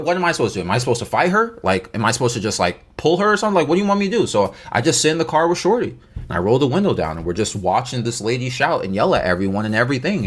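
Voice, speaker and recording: A man's voice: medium pitch, husky. A man telling a casual story time, rambling along with stammered restarts and slang.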